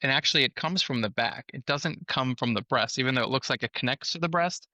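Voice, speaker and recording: A man's voice: medium pitch, fast, bright, forceful tone, no echo. A man, a surgeon guest on a podcast, explaining things in a patient, educational way.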